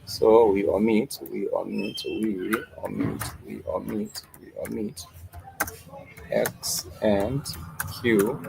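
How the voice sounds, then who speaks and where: A man hosting a live stream, talking through news and then teaching a language lesson, with frequent filler "uh"s and slow, repetitive explanations. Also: lowish voice, gravelly, dark tone, a little hiss or hum, poor audio. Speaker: host and Swahili teacher.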